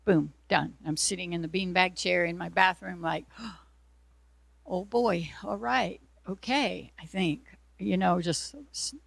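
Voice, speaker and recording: Woman, personal testimony, earnest and emotional, gravelly fry in the voice, dry close sound. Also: on the low side, a little slow, dry recording. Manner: emotional, earnest, quotes dialogue.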